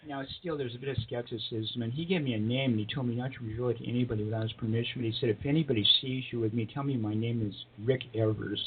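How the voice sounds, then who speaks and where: A man on a tinny phone line with a faint hiss, telling a long personal story as an interview guest. He rambles with fillers and breaks into small chuckles, at a middle pitch. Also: fairly even intonation, fast talker, few pauses.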